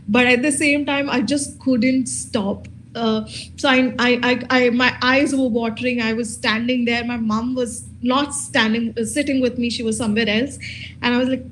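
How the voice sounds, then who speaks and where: A woman in her thirties speaks candidly at a conference panel, pausing often with fillers and restarting her sentences. Her voice sits a little higher than most women's. A faint hiss runs under the talk. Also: poor audio. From India. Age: 30s. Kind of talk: personal testimony at a conference.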